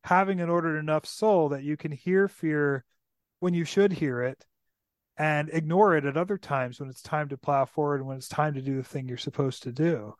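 A man's voice: a little high, moderate pace, dry recording. A man hosting a podcast in an enthusiastic, casual literary discussion, often checking in with "right?". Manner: enthusiastic, tags points with "right?".

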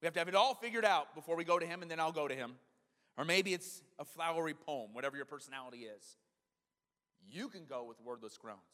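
A pastor in his thirties preaches to his congregation in a loose, conversational way, animated when he tells a story. His voice sits a little high for a man and sounds bright and pressed. It rings with a long reverb through a church sanctuary. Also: fast. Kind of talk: sermon.

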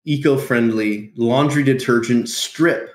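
A man being interviewed about his business, telling lively stories, acting out quotes and laughing often. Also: mid-range voice, a little slow. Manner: animated storyteller, laughs often, acts out quotes. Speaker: podcast guest, entrepreneur. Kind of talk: casual interview storytelling. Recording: roomy echo.

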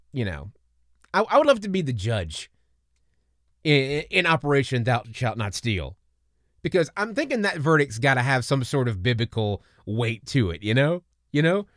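A man's voice: mid-range voice, big pitch swings, moderate pace, fairly bright tone, no room sound, studio quality. A man hosting a casual faith-based podcast, talking in an earnest, rambling way with many restarts and repeated words. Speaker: podcast host.

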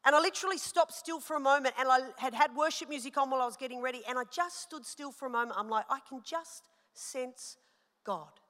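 A woman pastor in her thirties preaching a sermon, animated and personal, telling stories with rising emphasis. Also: high voice, rapid-fire, few pauses. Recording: long hall reverb.

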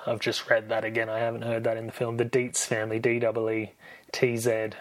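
Man, podcast host, casual film recap, rambling, self-correcting, jokey, mid-pitched voice. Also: completely flat delivery, brisk.

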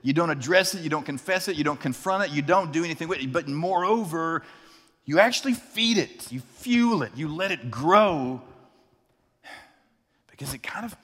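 A man preaching a sermon, telling a personal story and acting out the people in it with lively energy. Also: a little high, moderate pace, big-room sound. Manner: animated, acts out characters in his story. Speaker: pastor.

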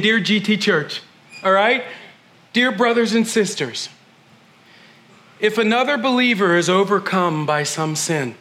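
Bright, high-voiced preaching man. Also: slight background noise. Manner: animated preaching, acting out quoted voices, swinging from loud to hushed. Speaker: pastor. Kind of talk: sermon.

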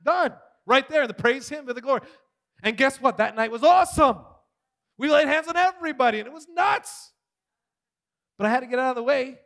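A man giving a testimony sermon, telling his story with big swings between loud and hushed. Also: very high-pitched, a little fast, gravelly, pauses often. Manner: animated storytelling, swings from shouting to near whisper. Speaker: preacher.

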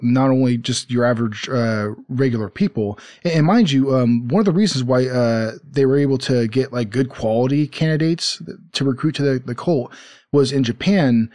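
A man's voice: mid-range voice, darkish tone, no echo, studio quality. A man hosting a casual podcast, rambling with many fillers and restarts. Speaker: podcast host.

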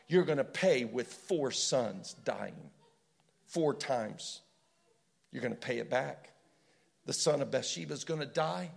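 Impassioned, gravelly male preacher. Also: a little high. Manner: impassioned storytelling, rhetorical questions. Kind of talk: sermon.

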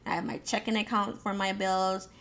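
A woman's voice: medium pitch, little pitch movement, moderate pace, fairly bright tone. A woman from Jamaica giving a casual motivational talk on goal setting, talking straight to her listeners with frequent fillers, repeated words and restarts. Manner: encouraging, addresses listeners directly.

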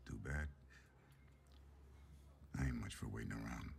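An actor playing a blunt, swearing middle-aged hockey enforcer with a Canadian accent. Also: male voice, extremely low pitch, unhurried, gravelly, a little hiss or hum, heavily acted. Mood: gruff.

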